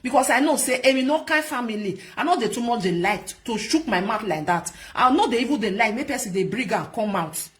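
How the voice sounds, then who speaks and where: A Nigerian vlog host with a Pidgin accent speaks fairly quickly in a slightly high voice, barely pausing. She rants and scolds in casual, animated commentary, repeating lines for emphasis.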